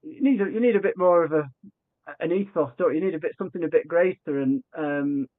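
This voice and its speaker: A man telling a story on a narrow, tinny line that sounds like a phone call. His voice sits a little high for a man, and he acts out every quoted line with lots of restarts and false starts. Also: fast. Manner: animated, acts out quoted dialogue, frequent restarts. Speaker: podcast guest. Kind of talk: conversational storytelling.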